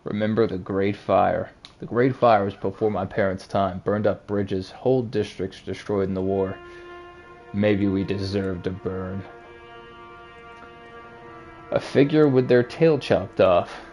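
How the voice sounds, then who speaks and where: A man's voice: low voice, fairly even intonation, unhurried, faint music behind. A man reading as a brooding animal detective. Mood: bleak. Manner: brooding, quiet inner monologue. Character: weary, self-doubting male detective, an animal. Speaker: game voice-over reader. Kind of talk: reading a story game aloud.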